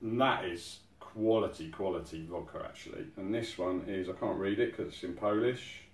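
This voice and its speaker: Low-voiced man unboxing, amazed. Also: normal speed. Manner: chatty, easily amazed, exclaiming. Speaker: outdoors channel host. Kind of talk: casual unboxing commentary. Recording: roomy sound from a distant mic.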